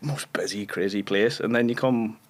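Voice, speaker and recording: A man's voice: lowish voice, moderate pace. A Northern Irish man in his thirties, a guest actor telling chatty anecdotes on a podcast and laughing often. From Northern Ireland. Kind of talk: casual podcast chat.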